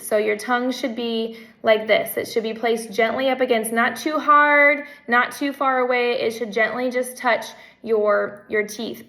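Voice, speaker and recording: Gentle, bright-voiced woman speech therapist. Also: a little high, low-quality recording. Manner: gentle, patient, repeats cues. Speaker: speech language pathologist. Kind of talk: home practice lesson.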